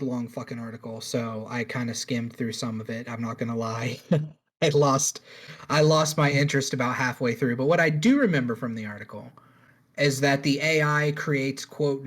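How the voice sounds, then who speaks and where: A man co-hosting a podcast in casual chat, rambling through a news story with jokes and swearing. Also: medium pitch. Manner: rambling, joking, swears freely. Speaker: podcast co-host.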